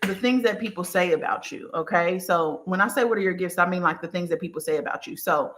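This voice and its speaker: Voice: medium pitch, fast talker, a little hiss or hum. Chatty, affectionate spiritual reader. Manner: affectionate, uses terms of endearment; relaxed, chatty, informal. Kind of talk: casual one-on-one reading session.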